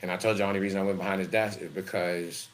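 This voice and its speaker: A man's voice: deep voice, rapid-fire. A middle-aged man, hosting a live show and telling a blunt, profane story full of slang. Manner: blunt, heavy swearing, animated, street slang.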